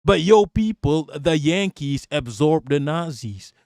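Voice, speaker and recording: A man streams a reaction rant in a fairly high voice, hammering his points and swearing constantly. He is recorded close and dry, with no room sound around him. His delivery is insistent and repetitive. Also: lively intonation, takes it slowly, darkish tone, no echo. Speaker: live-stream political commentator.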